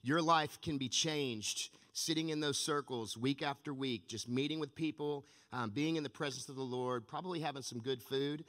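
A man's voice: mid-range voice, normal speed, few pauses, fairly bright tone. A man preaching a sermon as pastor, telling stories with energy in a church sanctuary. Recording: long reverb of a large church hall.

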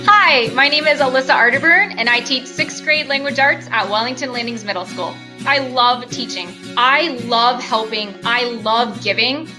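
A woman's voice: a little high, normal speed, few pauses, over music. A woman sixth grade teacher speaking enthusiastically about teaching in a recorded testimonial. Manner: enthusiastic, warm-hearted.

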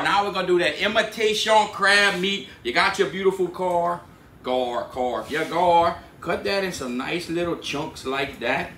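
A Cajun man narrates his own cooking in a relaxed, drawling way, often tossing in a casual word of address. His voice sits a little high for a man. The sound is roomy and echoey, with loud ambient noise behind him. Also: unhurried. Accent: Cajun Louisiana. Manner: laid-back drawl, says "dude" a lot. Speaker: cooking channel host.

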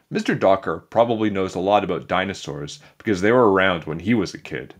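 A man reading a children's chapter book aloud in a playful, animated storytelling manner. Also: low voice, fairly quick, few pauses. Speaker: storybook reader.

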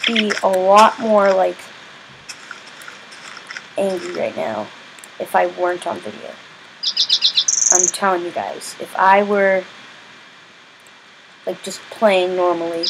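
A man giving rambling, chatty video game commentary as a channel host, breaking into exasperated yelling when things go wrong. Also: high-pitched, takes it slowly, gravelly, pauses often, noisy background.

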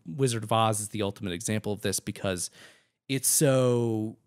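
A man co-hosting a film commentary podcast, talking through his analysis in a loose, rambling way full of fillers. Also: lowish voice. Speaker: podcast co-host.

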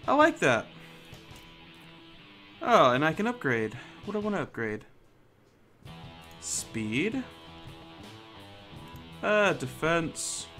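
A man's voice: on the high side, big pitch swings, slow, pauses often, pushed and bright, faint music behind. A man giving casual gameplay commentary, joking, swearing and muttering to himself as he plays. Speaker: gamer.

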